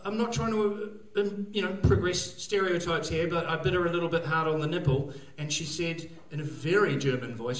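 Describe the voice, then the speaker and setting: A man from New Zealand with a New Zealand accent doing a stand-up comedy set, rambling loosely with lots of fillers and sudden shouts. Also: sits high, roomy sound, distant mic. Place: live venue stage.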